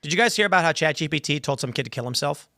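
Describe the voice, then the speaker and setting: Male podcast host, late thirties, rambling chat delivery, bright and slightly high voice, dry sound. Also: rapid-fire, vocal fry, dry recording. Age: 30s. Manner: rambling, animated, mimics AI replies. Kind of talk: casual chat reading chat questions.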